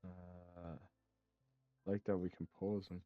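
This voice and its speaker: Young male let's-play host, low-pitched, hesitant and offhand, dry muffled home mic. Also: flat delivery, takes it slowly, soft background music. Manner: rambling, many ums and uhs; casual, swears offhandedly. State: hiccups. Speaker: gaming channel host. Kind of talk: casual let's play commentary.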